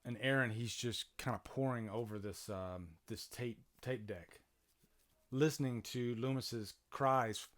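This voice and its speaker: A man's voice: mid-range voice, measured pace, a bit bright. Chatty man hosting a live commentary. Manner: chatty, with many fillers and restarts, greets chat viewers. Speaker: channel host doing live movie commentary. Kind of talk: casual live-stream commentary. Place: home, near a playing TV.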